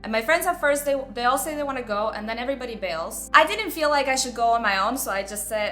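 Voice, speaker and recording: A woman's voice: fairly high pitch, expressive, fast, few pauses, fairly bright tone, soft background music. A woman hosting a self-development video, telling a personal story in a candid, chatty way full of "like.". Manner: candid, chatty, heavy use of "like".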